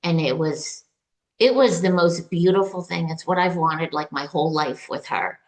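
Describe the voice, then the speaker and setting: A woman with a somewhat low voice speaks as an interview guest, sharing a personal experience. Her telling is halting and emotional, full of fillers, restarts and quoted exchanges. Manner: recounts dialogue in quoted voices. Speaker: retreat client, interview guest. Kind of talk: personal story, conversational.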